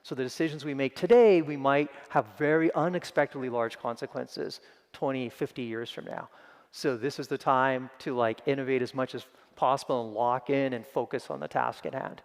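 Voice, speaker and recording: A man talks quickly and earnestly from a conference panel. His pitch sits mid-range. The sound carries the long reverb of a big hall. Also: steady tone, vocal fry.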